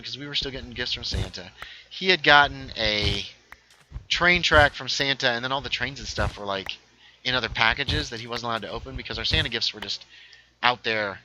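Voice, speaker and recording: Man with a sharp bright voice. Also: medium pitch, slight background noise, poor audio. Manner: rambling storyteller, reads chat aloud. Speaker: livestreamer. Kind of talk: casual gaming livestream chat. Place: home setup, playing a game.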